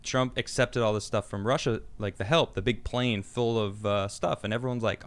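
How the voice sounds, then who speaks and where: A man co-hosting a casual podcast chat, talking haltingly and restarting his phrases often. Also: lowish voice, fairly even intonation. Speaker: podcast co-host.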